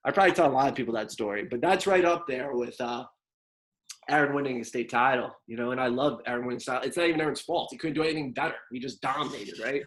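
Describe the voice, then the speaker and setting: Animated New coach telling stories. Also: male voice, medium pitch, fast talker, rough recording. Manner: animated, rambling storyteller with many fillers. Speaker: wrestling coach and podcast co-host. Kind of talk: casual storytelling in a podcast interview.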